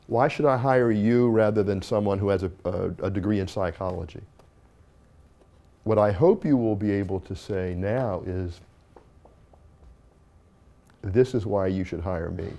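A man's voice: on the low side, warm tone. A man, a university dean, giving an informal classroom talk, telling stories with asides and self-corrections.

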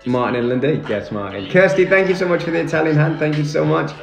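A man's voice: on the high side, fast, vocal fry. A young man chatting casually on a live stream, thanking viewers and answering their comments. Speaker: livestreamer. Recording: echoey room with music behind.

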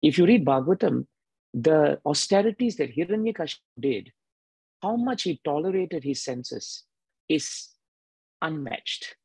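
A man giving a devotional sermon with a husky voice, emphatic and repeating key phrases. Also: on the high side, expressive, a little slow, a little mellow, dry recording, rough recording. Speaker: devotional speaker.

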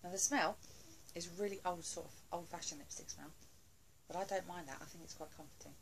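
A woman talks through a beauty haul from her home, chatty and full of gushing asides. Her voice sits low with a gravelly edge. A faint hiss of noise sits behind the recording. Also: fairly quick, low-quality recording. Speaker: beauty vlogger. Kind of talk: casual haul review.

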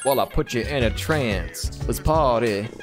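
A man's voice: medium pitch, measured pace. A man hosting a let's-play, chatting casually and reading game text aloud. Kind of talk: casual gameplay commentary. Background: game music.

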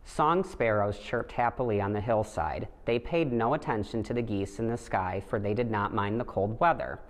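A man with a fairly low voice reads a children's picture book aloud, gentle and unhurried. His voice carries a long reverb, like a big hall. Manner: gentle, steady storytelling with light voices for the animals. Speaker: storybook reader.

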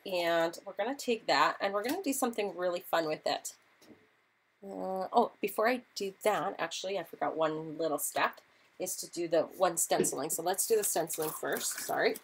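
A woman's voice: on the low side, moderate pace, a little hiss or hum, rough recording. Chatty woman demonstrating crafts live. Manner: chatty, flustered, apologetic.

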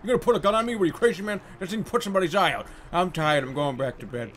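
A man's voice: sits high, racing, fairly bright tone, slight background noise. A man voicing a drowsy, jittery man on a dock who rambles between sleepy and alarmed. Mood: rambling.

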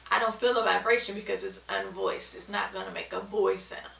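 A woman's voice: mid-range voice, fairly even intonation, fairly quick, creaky, a bit bright, reverberant, recorded from a distance, a little hiss or hum, low-quality recording. A woman giving a patient, step-by-step video lesson on speech sounds, often checking in with "okay?". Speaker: speech therapy teacher.

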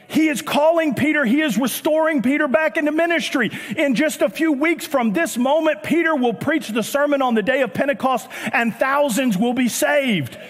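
A man with a Southern US accent preaching a sermon as pastor, animated, with joking asides and bursts of shouting. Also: extremely high pitch, normal speed. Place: church auditorium. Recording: long church hall reverb.

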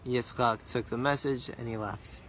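A man telling a religious story earnestly, repeating words for emphasis and slowing down on details. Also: medium pitch, steady tone, fairly bright tone, slight background noise.

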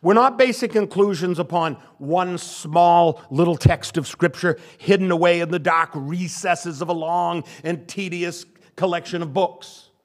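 A man's voice: sits high, a little slow, hardly any pauses. An older male pastor giving a sermon, stressing and repeating key phrases. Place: church sanctuary.

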